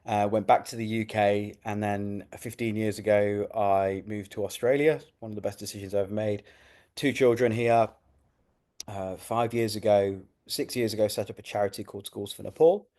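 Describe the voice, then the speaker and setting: A middle-aged man with an English accent talks through his story as a podcast guest. His voice sits low and sounds dark and mellow. He speaks in a relaxed, reflective way, with frequent fillers and restarts. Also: moderate pace. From United Kingdom. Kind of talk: casual interview chat.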